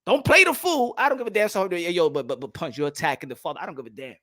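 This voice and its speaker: A young man hosts a boxing talk show in a loud, animated rant. His pitch leaps all over the place, and his voice is bright and sharp. He repeats his points over and over and drops from shouting into low muttering. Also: fast. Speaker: boxing commentary host.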